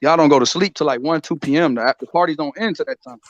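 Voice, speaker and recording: A man's voice: on the high side, quick pace. An American man, telling laid-back stories in casual chat. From United States. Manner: laid-back storytelling, says bro a lot. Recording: dry, dull sound.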